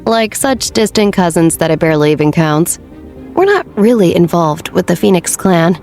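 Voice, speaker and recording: A woman voicing a sweet, polite teenage girl exchange student who talks softly and earnestly. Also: fairly low pitch, animated, moderate pace, faint music behind. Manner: soft, earnest and apologetic.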